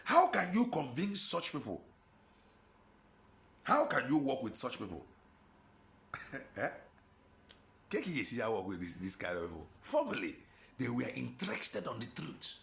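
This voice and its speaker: A man's voice: mid-range voice, huge pitch swings, measured pace, gravelly, pauses often, a bit bright. A man with an Igbo Nigerian accent preaching an impassioned sermon, exhorting with rhetorical questions and slipping in and out of Igbo.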